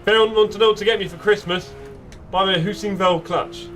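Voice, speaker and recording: A man's voice: high voice, steady tone, fast talker, fairly bright tone, recorded from a distance, slight background noise. A man chatting playfully with friends while live-streaming a sim racing game. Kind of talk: live gameplay chat. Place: home sim racing setup.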